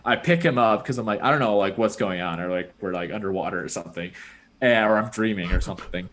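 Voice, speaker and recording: A young man with a lowish voice chats casually on a podcast. He rambles through a story, stacking fillers like "like" and "dude" as he goes. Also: brisk, fairly bright tone. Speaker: podcast host. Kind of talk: casual chat.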